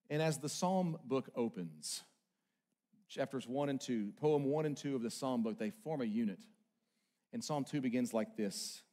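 In an expressive sermon at normal speed, a man preaching as pastor alternates loud, urgent climaxes with soft, low asides. He builds momentum by repeating short phrases.

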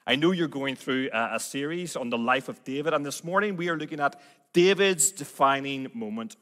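A man with a Belfast accent, a guest preacher giving a sermon and reading scripture aloud in a gently self-deprecating manner. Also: medium pitch, normal speed. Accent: Belfast, Northern Irish. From Northern Ireland. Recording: long hall reverb.

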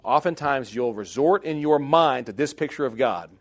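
A man teaching a Bible class in sermon style, animated and jokey, swinging between loud emphatic bursts and hushed asides. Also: medium pitch, moderate pace.

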